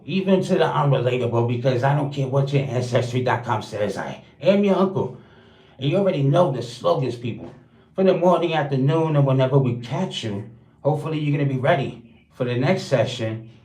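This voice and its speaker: A man's voice: mid-range voice, a little mellow. A man hosting his own livestream, rapping a crude, boastful freestyle roast in a rhythmic, rhyming flow. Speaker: livestream host. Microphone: streaming setup. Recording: roomy echo.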